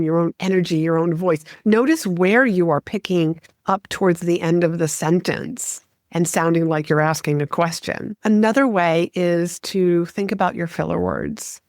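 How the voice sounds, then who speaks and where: Low-voiced woman coaching on a podcast. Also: a little mellow, no room sound, clean studio sound. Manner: conversational, direct coaching tone. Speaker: podcast host and speaking coach. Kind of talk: solo podcast advice talk.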